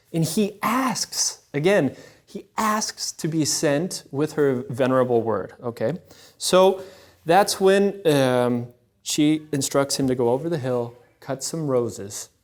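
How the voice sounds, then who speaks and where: Man telling a sacred story, conversational. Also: on the high side. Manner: conversational, animated, asks "right?" often. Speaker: speaker at a Catholic event. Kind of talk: storytelling talk.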